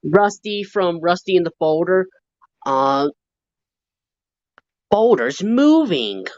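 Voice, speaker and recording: A woman speaks in an unhurried, somewhat low voice, halting as she lists scenes and quotes from her books. The audio is dull and muffled, like a live-stream call. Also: big pitch swings, a little mellow, dry recording. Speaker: fan sharing a book collection. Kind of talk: casual live-stream chat.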